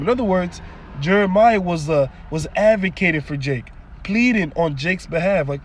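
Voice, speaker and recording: A man's voice: high-pitched, big pitch swings, normal speed, a little hiss or hum. A man preaching, reading verses aloud and then explaining them line by line with strong emphasis. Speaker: scripture teacher.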